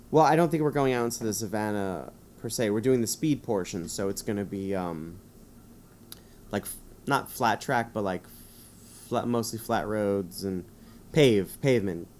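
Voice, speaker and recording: A man's voice: lowish voice, darkish tone, slight background noise. A man streaming live, reading a choose-your-own-adventure book aloud with rambling, self-mocking asides.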